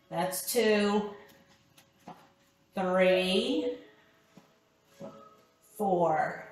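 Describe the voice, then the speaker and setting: A woman's voice: mid-range voice, distant mic. A woman instructor leading a core workout class, counting reps and calling out short cues. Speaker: fitness instructor. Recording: echoey room with background music.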